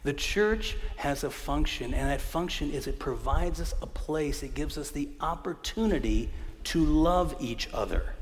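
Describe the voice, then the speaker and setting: A man's voice: on the high side, lively intonation, unhurried. A male pastor preaching a storytelling sermon in a church, with humor, a conversational tone and punchy emphasis. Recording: hall reverb.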